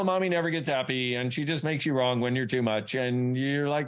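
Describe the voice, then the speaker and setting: A man's voice: medium pitch, brisk, smooth. A man leading a workshop in a playful, chatty way, tossing in silly made-up words as he talks. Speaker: workshop facilitator. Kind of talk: live workshop talk.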